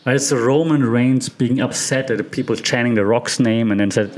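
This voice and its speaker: An animated man who teaches media studies, talking with real enthusiasm and breaking into laughter as he goes. His pitch sits in an ordinary male middle range. Now and then a small cough slips in. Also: a little fast, hardly any pauses. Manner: excited, animated, laughs often. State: occasional cough. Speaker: media professor. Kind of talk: enthusiastic commentary.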